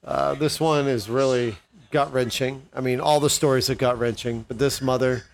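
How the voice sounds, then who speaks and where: A man's voice: mid-range voice, fairly even intonation, moderate pace, gravelly, slight background noise. A man hosting a political commentary show, delivering an impassioned opinion monologue with indignant questions to his listeners.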